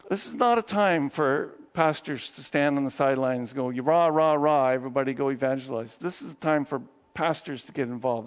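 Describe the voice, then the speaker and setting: A male pastor preaching a sermon in a conversational, animated way, dropping to low asides and then rising into excited bursts. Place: church sanctuary. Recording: long hall reverb, dull muffled sound.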